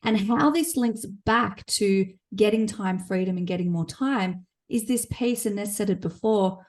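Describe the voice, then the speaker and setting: A woman's voice: medium pitch, unhurried. Encouraging woman co-hosting a business podcast. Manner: encouraging, reflective, speaks in practical tips. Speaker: podcast co-host. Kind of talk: casual business podcast chat.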